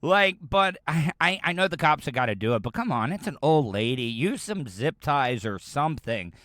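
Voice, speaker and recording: A man's voice: a little high, sing-song, normal speed, a bit bright, no room sound, studio quality. A man from the United States hosting a podcast, rambling casually as he reacts to audio clips. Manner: rambling, chatty, frequent restarts. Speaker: podcast host.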